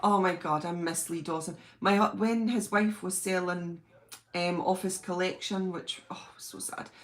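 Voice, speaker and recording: British lady on a home livestream, chatty and gushy, reading comments and getting all excited. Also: lowish voice, moderate pace. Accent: British English. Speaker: live stream host. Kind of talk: casual live chat reading viewer comments.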